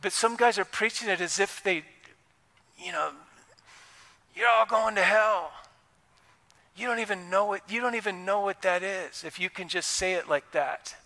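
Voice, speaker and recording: A man's voice: high-pitched, brisk, hardly any pauses, pushed and bright, in a large hall. A man giving a conversational, impassioned sermon as pastor in a church. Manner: impassioned, conversational preaching with acted quotes. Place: church sanctuary.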